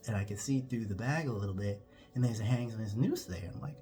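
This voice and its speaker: A man telling a comic story, animated and acting out every character. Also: lowish voice, a little fast, over music. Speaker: comedian.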